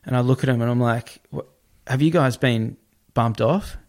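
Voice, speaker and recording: A man telling a story in casual talk, animated and swearing, acting out what other people said. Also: medium pitch, moderate pace.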